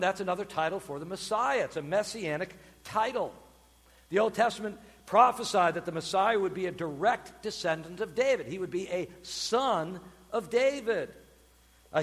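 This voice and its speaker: A man preaching a sermon, voicing the crowd's cries loudly as he explains the passage. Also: high-pitched, in a large hall. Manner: animated preaching, calls out quoted cries loudly. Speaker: pastor.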